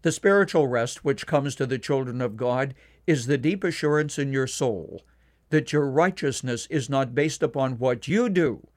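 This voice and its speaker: A man delivering a scripted devotional radio commentary in a measured, earnest way, slowing down to stress key points. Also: mid-range voice. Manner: measured, earnest, slows down for emphasis.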